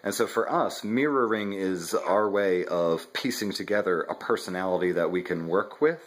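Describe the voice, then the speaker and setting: A man's voice: deep voice, normal speed. A man hosting a casual discussion, talking in a conversational, joking and explanatory way. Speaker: host.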